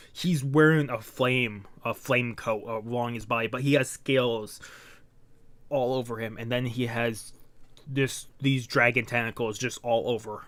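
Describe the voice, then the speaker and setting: A man's voice: medium pitch, a bit bright, dry recording. A man giving a casual, rambling manga reaction, reading aloud and correcting himself as he goes.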